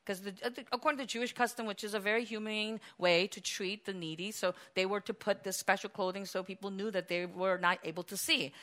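A woman preaching a sermon, telling a story with acted cries and shifts between loud calls and hushed passages. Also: medium pitch, steady tone, a little fast, few pauses.

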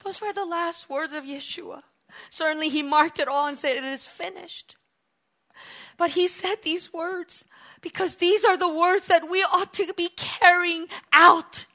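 A woman preaching with great passion, her voice very high and bright. She drops to hushed murmurs, then surges into tearful, shouted exclamations. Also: fairly even intonation, unhurried. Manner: impassioned, swinging from hushed to shouting, sometimes tearful. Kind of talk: emotional sermon.

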